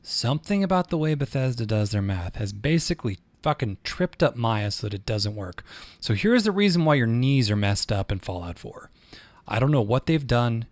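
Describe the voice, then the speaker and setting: A man's voice: mid-range voice, lively intonation, moderate pace, dry recording. Male streamer with a mid-range voice, casual and profane, on a dry close mic; explaining technical steps while venting frustration. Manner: profane, rambling, easily frustrated. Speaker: streamer and 3D artist. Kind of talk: casual livestream tutorial.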